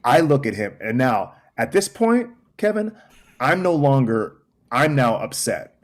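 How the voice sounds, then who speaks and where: A Texas man in his forties, a podcast guest, tells a story in a medium-pitched voice with big pitch swings, speaking a little slowly. He acts out other people's lines and repeats phrases for emphasis in this casual storytelling chat.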